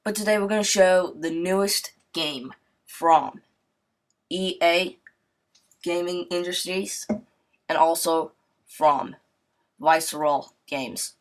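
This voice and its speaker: A man's voice: sits high, steady tone, slow pace, pauses often. Rambling joking young man reviewing a game. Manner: rambling, joking, full of "I mean, you know"; wisecracking, irreverent. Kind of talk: casual game review voice-over.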